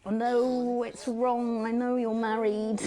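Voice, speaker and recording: A woman's voice: a little high, flat delivery, slow, dark tone. An actress playing a female TV news anchor with a posh English accent who slips into an intimate, pleading on-air confession in a game scene. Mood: obsessive. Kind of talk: scripted game acting.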